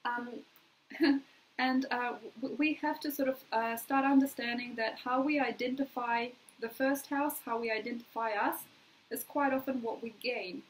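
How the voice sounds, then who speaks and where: A woman's voice: on the high side, steady tone, normal speed, a little hiss or hum, rough recording. An Australian woman giving a casual, chatty astrology forecast, playfully acting out little quoted requests.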